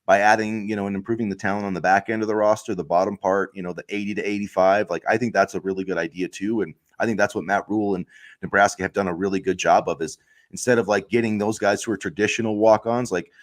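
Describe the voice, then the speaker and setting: Low-voiced man in heated sports chat. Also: steady tone, fast talker. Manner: heated, ranting, lots of filler words. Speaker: podcast co-host.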